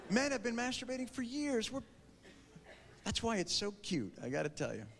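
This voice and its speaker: A man in his thirties performing a stand-up comedy routine, quickly acting out characters in put-on voices. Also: very high voice, sing-song, creaky, a bit bright. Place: large theater before a live audience. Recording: live stage recording in a reverberant hall with crowd noise.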